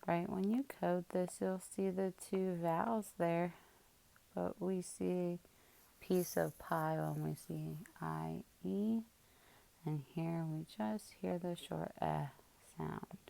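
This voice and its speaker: A woman's voice: lowish voice, steady tone, slow, vocal fry, dark tone. A woman teacher working through a spelling lesson, patiently sounding out each word part by part.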